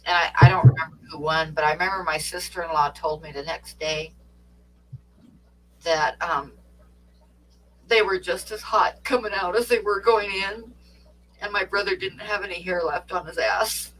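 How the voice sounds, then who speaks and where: A man co-hosting a stream, chatting casually and telling relaxed family anecdotes. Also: high voice, moderate pace, recorded from a distance, slight background noise, low-quality recording. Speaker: co-host. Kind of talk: casual chat.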